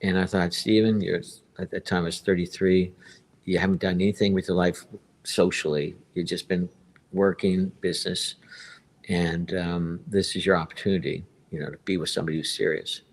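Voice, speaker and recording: A man in his fifties with a notably deep, low voice, talking casually on a live stream. He tells his personal story in a rambling way, doubling back over points and repeating himself. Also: steady tone, moderate pace. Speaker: guest telling his story.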